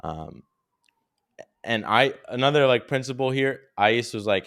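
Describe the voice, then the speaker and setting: A man's voice: mid-range voice, animated, measured pace, pauses often, fairly bright tone, smooth. A young man hosting a podcast, telling a travel story in a rambling, casual way, swearing freely and saying "dude" a lot. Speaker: podcast co-host.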